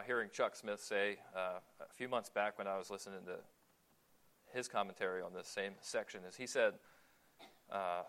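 A man with a lowish voice preaches a sermon in a relaxed, conversational way. He asks the listeners questions and pauses on fillers.

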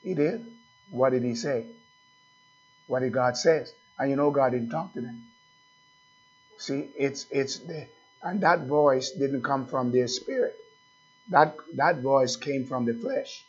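Slow, husky preaching pastor. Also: male voice, medium pitch, lively intonation, highs cut off. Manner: slow, repetitive preaching with questions to the congregation. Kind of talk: sermon.

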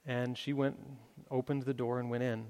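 A man's voice: mid-range voice, little pitch movement, normal speed, darkish tone, clean tone. A man preaching a sermon, telling a story with many fillers and restarts before making his appeal. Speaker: pastor. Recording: long hall reverb.

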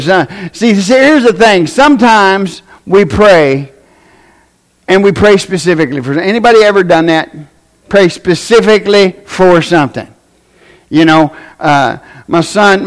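High-voiced preacher with a Tennessee accent. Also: male voice. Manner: folksy, plain-spoken, swings from shouted preaching to soft asides. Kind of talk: sermon.

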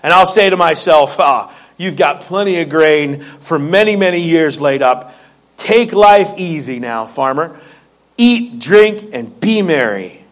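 Man doing a greedy farmer; low, hushed, smug. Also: animated, a little slow. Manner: smug, muttering to himself. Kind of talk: sermon.

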